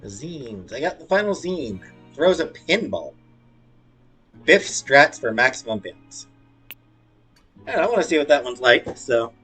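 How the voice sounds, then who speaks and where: Lively husky man reading game dialogue. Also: mid-range voice, a little slow, long pauses, faint music behind. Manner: playful, jokey asides between read lines. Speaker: gaming YouTuber reading game dialogue aloud. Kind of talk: let's play, reading dialogue in character voices.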